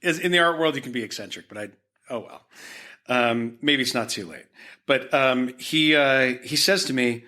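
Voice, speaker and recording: A man's voice: medium pitch, moderate pace, bright, forceful tone. A man from Utah, an art historian and art dealer, telling anecdotes in a podcast interview with frequent restarts and fillers. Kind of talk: conversational storytelling.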